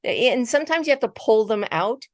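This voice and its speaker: A middle-aged woman giving a motivational keynote, telling a personal story in a conversational, animated way and often repeating words. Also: a little high, quick pace, no echo, studio quality. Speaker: keynote speaker. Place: virtual conference talk.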